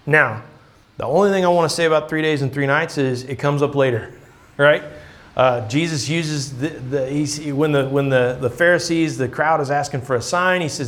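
A man's voice: a little high, moderate pace, fairly bright tone. Casual, chatty male preacher. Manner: casual, often asks "right?". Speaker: pastor. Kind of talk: conversational sermon.

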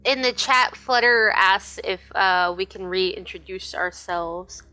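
A woman co-hosting a casual podcast chat, lively, reading out questions from the chat. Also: mid-range voice, slow. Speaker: podcast co-host.

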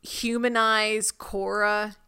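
A woman co-hosting a podcast in casual chat, joking about a TV show with animated, exaggerated outrage. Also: mid-range voice, slow pace, smooth. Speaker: podcast co-host.

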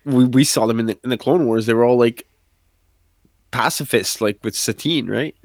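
A man chats on a podcast as a co-host, animated and excited. He talks loosely, full of fillers, and acts out little quotes as he goes. The sound is close and dry. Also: medium pitch, moderate pace, no room sound. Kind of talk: casual chat.

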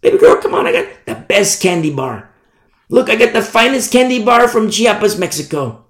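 A man's voice: sits high, huge pitch swings, moderate pace, voice pushed up, full character voice. A man voicing a sly male devil who lures a girl with candy, in a coaxing, wheedling way. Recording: echoey room.

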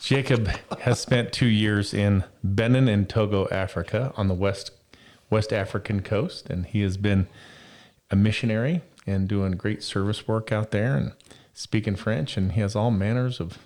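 A man's voice: fairly low pitch, steady tone, moderate pace, darkish tone. A man hosting a podcast in a casual, joking, rambling chat. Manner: jokey, upbeat, rambling. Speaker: podcast host.

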